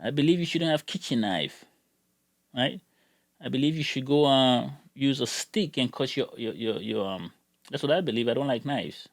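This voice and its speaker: A man's voice: mid-range voice, lively intonation, moderate pace, no room sound. Heated rambling man with a dry sound. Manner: heated, rambling, repeats words when worked up. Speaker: gun channel YouTuber. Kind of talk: casual ranting vlog.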